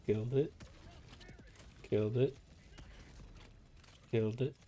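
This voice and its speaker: A young man with a gravelly voice, chatting casually and slangily as a gaming host reviewing footage. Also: medium pitch, slow, dark tone, slight background noise. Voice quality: gravelly, like a chain smoker. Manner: laid-back, slangy. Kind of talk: casual chat while reviewing gameplay footage.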